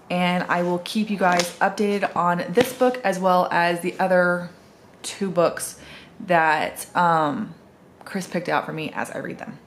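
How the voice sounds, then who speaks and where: A woman from the US Northwest, a book vlogger, chats casually with a voice that sits low. She rambles, uses fillers, and corrects herself as she goes, with a little hiss or hum in the audio.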